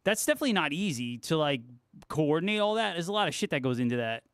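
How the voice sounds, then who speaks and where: A man's voice: fairly high pitch, very animated, fast talker, a bit bright, clear, resonant tone, no echo, clean studio sound. A young man hosting a guitar livestream, chatting casually with viewers, laid-back and swearing freely. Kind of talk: casual chat reading viewer comments.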